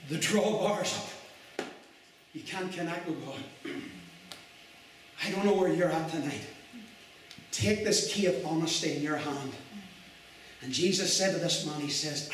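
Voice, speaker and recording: A man with a Northern Irish accent preaching an animated evangelistic sermon in a mission hall, swinging from loud to soft. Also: high voice, far from the mic. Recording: very echoey hall, mic from afar, faint hiss.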